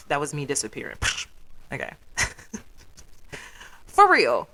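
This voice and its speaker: A woman's voice: sits low, slow, pauses often, slight background noise. Blunt, profane Chicago woman ranting. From South Side of Chicago. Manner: profane, blunt, animated storytelling with put-on quotes. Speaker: podcast host. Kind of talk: casual solo rant.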